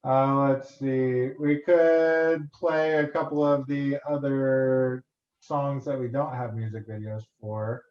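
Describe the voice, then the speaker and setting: A man's voice: mid-range voice, fairly even intonation, slow. A man co-hosting a casual livestream, thinking aloud and hesitating. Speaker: co-host. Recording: roomy, dull lo-fi sound.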